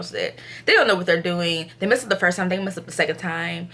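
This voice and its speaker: A young woman vlogging to camera, retelling an ultrasound visit casually, acting out what others said, sometimes subdued and low in energy. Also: brisk. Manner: animated retelling, acts out others' quotes, filler-heavy.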